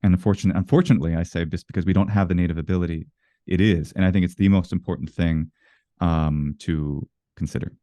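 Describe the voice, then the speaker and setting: A low-voiced man with a mellow tone, talking as a guest in a casual interview. He explains his ideas earnestly and at length, often stopping to rephrase mid-sentence. The sound is close and dry. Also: steady tone, quick pace, no echo. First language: English. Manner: earnest, explains at length with frequent self-corrections.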